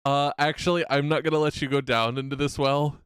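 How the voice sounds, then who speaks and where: A man's voice: on the high side, fairly even intonation, a little fast, fairly bright tone, clean tone, no room sound, clean studio sound. A man narrating a tabletop game as game master, playful and often laughing.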